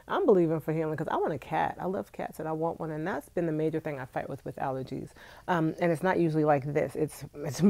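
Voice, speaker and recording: A woman's voice: low-pitched, gravelly, a little mellow, dry recording. A young woman congested with allergies, chatting casually and directly to her viewers on a live stream from home. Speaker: vlogger. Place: indoors at home.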